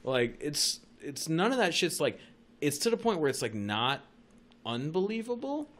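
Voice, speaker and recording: A man's voice: a little high, moderate pace. A young man hosting a casual podcast, telling wild stories with constant swearing. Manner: profane, animated storytelling. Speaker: podcast host.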